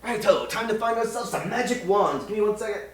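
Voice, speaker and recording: A man's voice: sits high, animated, fast talker, fairly bright tone. A man streaming a game live, chatting casually and rambling with lots of fillers, on a desk mic. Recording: roomy room with game music.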